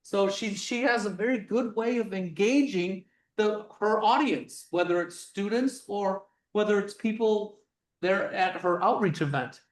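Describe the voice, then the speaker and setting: Middle-aged physics demo presenter, animated and loud, a bit off-mic in an echoey room. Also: medium pitch, a little slow, recorded from a distance. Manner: animated, acts things out, projects loudly. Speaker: physics lecture demonstrator. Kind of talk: live workshop presentation. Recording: roomy sound from away from the mic.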